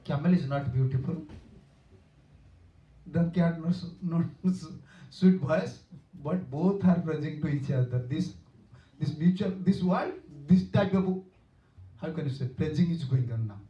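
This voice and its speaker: A man's voice: fairly high pitch, a little slow, dull audio. A man giving a devotional lecture as a spiritual teacher, telling stories earnestly, repeating himself and chuckling, recorded from a distance in a hall. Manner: earnest, repetitive, chuckling storyteller. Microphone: room mic, far off.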